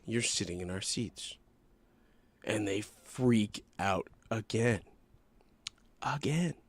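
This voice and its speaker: Animated young man telling a story. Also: medium pitch, no room sound. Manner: animated, profane, rambling. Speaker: podcast host. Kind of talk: casual storytelling.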